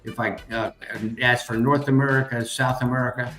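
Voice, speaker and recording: A man's voice: medium pitch, level tone, brisk, fairly bright tone, reverberant, faint music behind. An older man, the student's uncle, patiently demonstrating a geography game step by step as a teacher.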